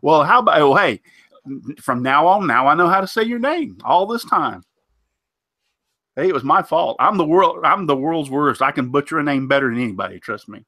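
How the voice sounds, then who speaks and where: This man's voice is on the high side, pushed and bright, with lively intonation at normal speed, recorded dry. He hosts a casual woodworking live stream while congested from a cold, rambling with lots of fillers and tripping over names.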